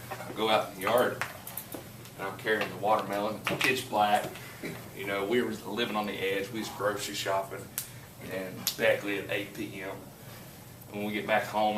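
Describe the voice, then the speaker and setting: A male teacher, talking to a classroom and spinning a story with plenty of energy. He is picked up from across an echoey room, and the recording carries a steady background noise. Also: on the low side. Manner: animated storyteller, laughing while telling. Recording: echoey classroom from far off, noisy.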